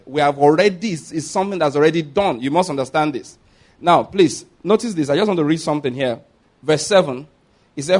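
A man preaching a sermon, reading scripture aloud slowly and with rising emphasis, then explaining it briskly and addressing the congregation directly. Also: a little high, a little mellow. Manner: addresses the congregation directly, asking them to repeat words. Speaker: pastor.

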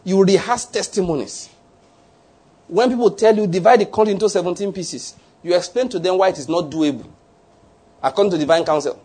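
A man, preaching a slow, emphatic sermon to a congregation as pastor. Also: high-pitched, darkish tone, husky.

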